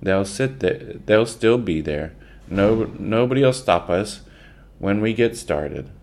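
A tall, rough-spoken workman, as a low-voiced man reads him, booms out in a scoffing manner in a storybook. The voice is deep and strong, and the delivery is slow. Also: lively intonation, a little mellow. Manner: big, booming and scoffing.

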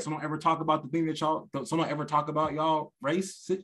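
A man co-hosting a podcast in casual chat, animated and given to acting out other people in a high voice. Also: fast talker. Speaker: podcast co-host; stand-up comedian.

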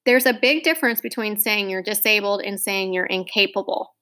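A woman's voice: mid-range voice, fairly quick, sharp tone, natural voice. A woman reading a mother's lines in a storybook, firm and coaxing with her daughter. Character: mother, middle-aged woman, lively and stern.

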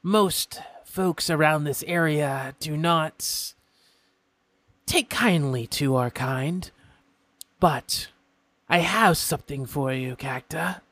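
A man's voice: on the high side, takes it slowly, a bit bright, no echo. A man voicing a courteous, secretive male imp from the Nine Hells, who speaks in a formal, lilting manner.

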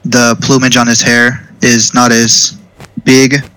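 Brief: a male player, level monotone delivery, bright tense tone, stammering. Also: medium pitch, slow pace, clear, resonant tone, rough recording. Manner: hesitant, stammering restarts. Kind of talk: playing a character in a tabletop game.

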